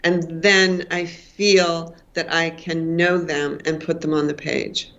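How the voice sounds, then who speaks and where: A woman's voice: low voice, level tone, slow pace, fairly bright tone. Thoughtful woman novelist, slightly muffled audio. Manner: thoughtful, repeats words while searching for phrasing. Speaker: novelist guest. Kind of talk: reflective interview answers. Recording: dull lo-fi remote audio.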